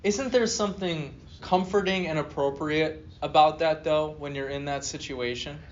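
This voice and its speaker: A man's voice: fairly high pitch, normal speed. Guy professor teaching class, reads a passage then jokes around with students, kinda muffled recording. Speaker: philosophy professor. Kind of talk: classroom lecture, reading aloud and asking students. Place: university classroom.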